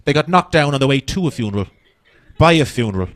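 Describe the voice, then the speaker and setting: A man's voice: mid-range voice, lively intonation, slight background noise. A man from Dublin with an Irish accent, doing a blunt, profane stand-up set on a comedy stage. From Dublin, Ireland. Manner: profane, blunt, rapid-fire.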